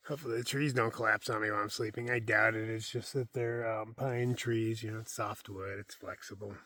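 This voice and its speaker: A man's voice: fairly low pitch, fairly even intonation, fairly quick, sharp tone, no room sound. Rambling hiker man talking from his hammock. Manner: rambling, self-deprecating, often trails off into a mumble. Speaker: solo thru-hiker vlogger. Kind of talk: casual outdoor vlog monologue. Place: in a hammock camp in a forest, outdoors.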